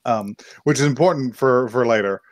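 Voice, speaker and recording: A man's voice: medium pitch, normal speed, no echo. A man co-hosting a podcast, casually and profanely retelling an anime episode, slipping into characters' lines as he goes. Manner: loose and profane, acts out characters' lines mid-story. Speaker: podcast co-host. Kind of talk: casual chat recapping an anime.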